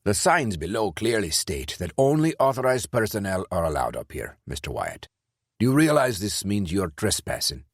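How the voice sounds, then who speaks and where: A man's voice: low voice, big pitch swings, moderate pace, husky, no echo, clean studio sound, exaggerated voice. A man voicing a stern, wary older policeman with a Welsh accent, giving clipped orders.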